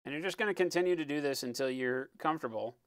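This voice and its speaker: A man talking through a live-stream painting tutorial in a relaxed, explanatory way, often checking in with "right?" and sometimes muttering as he works. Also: a little high, quick pace, smooth, no room sound. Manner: muttering while working. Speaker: miniature painting instructor.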